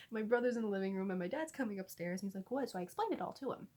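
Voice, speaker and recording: A young woman vlogger telling a storytime story in an animated way, often laughing as she talks. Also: medium pitch, racing, few pauses, a little hiss or hum. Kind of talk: storytime vlog.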